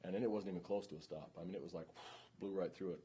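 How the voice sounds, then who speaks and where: A man's voice: deep voice, fairly even intonation, racing, mellow, a little hiss or hum. A man teaching a police training class, speaking informally and often checking in with the room.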